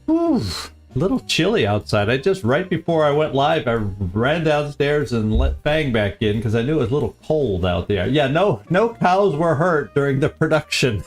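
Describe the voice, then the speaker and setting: A man's voice: medium pitch, big pitch swings, moderate pace, faint music behind. A man hosting a live game stream, chatting casually and easily, often chuckling and repeating his phrases.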